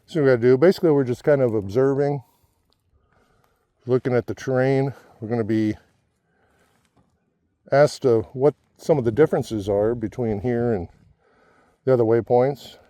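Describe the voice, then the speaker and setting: A man's voice: mid-range voice, moderate pace, long pauses, mellow, dry recording. A man talking casually while hiking a desert trail, out of breath and joking at his own expense. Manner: chatty, self-deprecating. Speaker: vlogger.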